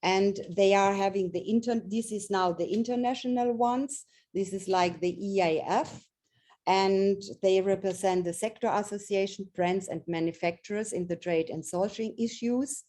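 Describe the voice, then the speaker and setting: A woman's voice: mid-range voice, moderate pace, warm tone. Earnest German-native woman presenting advice. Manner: earnest, repeats and restarts phrases while explaining. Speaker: trade fair expert. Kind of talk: webinar presentation.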